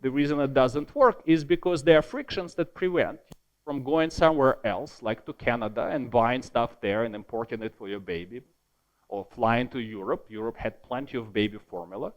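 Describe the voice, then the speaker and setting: A man delivering a conference keynote in an ordinary mid-range voice. He talks in a lively way, repeats words to drive a point home, and drops in wry, self-deprecating jokes. The tone stays that of an academic lecture. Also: medium pitch, normal speed, dull audio. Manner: lively, self-deprecating asides, emphatic repetition. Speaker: keynote speaker.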